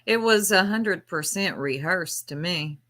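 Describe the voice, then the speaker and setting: A woman co-hosting a commentary show who chimes in with quick agreements. Her voice is low-pitched yet bright and forceful. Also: expressive. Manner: agreeing, chiming in. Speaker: co-host. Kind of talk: commentary chat.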